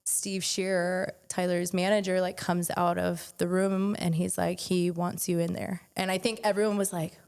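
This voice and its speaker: A woman's voice: on the low side, flat delivery, normal speed, creaky, hardly any pauses, darkish tone, clean tone. A young woman on a podcast, casually telling a personal story, peppered with "like" and swearing. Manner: chatty, frequent "like", swearing. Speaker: podcast guest.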